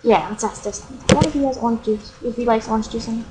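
A woman's voice: on the high side, quick pace. A woman doing casual let's play commentary, reading the game's dialogue aloud with playful asides. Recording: noisy home recording.

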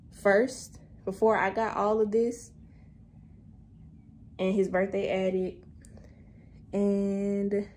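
A woman's voice: medium pitch, darkish tone. Breathless young woman vlogging, echoey room. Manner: chatty, addresses viewers as "y'all", many fillers. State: slightly out of breath. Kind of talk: casual vlog chat. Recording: echoey room, faint background noise.

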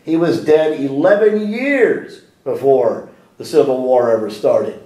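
A man's voice: medium pitch, expressive, measured pace, mellow, echoey room, distant mic, low-quality recording. A man giving a sit-down interview in a library room, talking animatedly with frequent restarts and rhetorical questions. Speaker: interview guest.

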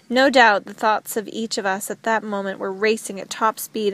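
A woman narrating a novel as an audiobook reader, with a steady, measured reading. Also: on the high side.

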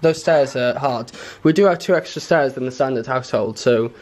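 Fast-talking, teasing man at home. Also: mid-range voice. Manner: teasing, easygoing. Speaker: vlogger. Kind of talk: casual home vlog chat. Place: home, indoors.

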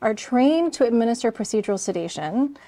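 A woman's voice: fairly high pitch, lively intonation, fairly quick, dark tone, no room sound. A woman, an emergency physician, teaching a review lesson in a chatty way, with frequent "sort of" and "right?". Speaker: medical educator. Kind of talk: conversational review lecture.

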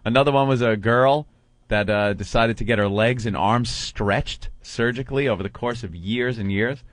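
A man hosting a radio show, telling animated stories in casual banter and mimicking people as he goes, from a studio microphone. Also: mid-range voice, moderate pace, no room sound. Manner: animated storyteller, mimics people mid-story.

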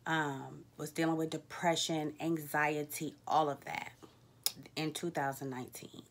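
A woman, telling a candid personal story to her vlog viewers, jumping up high when she acts out her own reactions. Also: little pitch movement, a little slow. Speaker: vlogger.

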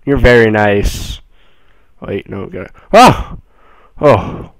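A young man giving casual commentary on a horror game, excitable and jumpy, moving between low mutters and sudden yells. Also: measured pace, clean tone, no room sound, rough recording. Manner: jumpy, excitable, swings from mumbling to yelling. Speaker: gameplay streamer.

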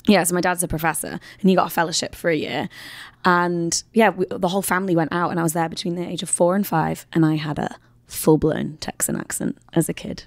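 Casting: young British woman, guest, lowish voice, dry close sound, chatty and digressive. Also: steady tone, fairly quick, creaky, no room sound. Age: young adult. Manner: laughs easily, chatty and digressive. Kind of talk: casual chat.

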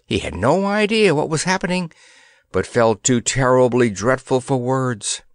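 Slow, expressive male audiobook narrator. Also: medium pitch, vocal fry, no room sound, clean studio sound. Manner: expressive, measured.

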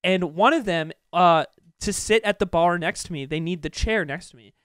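A young man hosting a podcast, telling an animated, profane anecdote in casual chat, with many fillers. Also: high voice, normal speed, smooth, no room sound, studio quality. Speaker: podcast host. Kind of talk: casual storytelling.

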